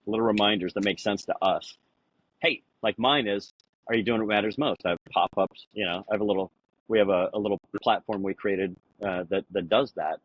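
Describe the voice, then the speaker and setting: A man with a husky, somewhat breathy voice rambles through anecdotes, filling his talk with "you know" and jumping into higher voices for the lines he quotes. The sound is dry and a little dull, like a simple podcast mic. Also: steady tone, brisk, dry recording. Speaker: podcast guest. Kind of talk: casual conversational storytelling.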